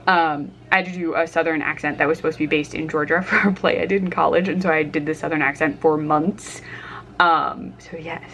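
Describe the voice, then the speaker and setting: A woman's voice: low voice, fairly even intonation, brisk, a bit bright, a little hiss or hum. A young woman chatting casually about her reading at home while cooking lunch, with many fillers and frequent laughs. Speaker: book vlogger. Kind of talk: casual reading vlog chat.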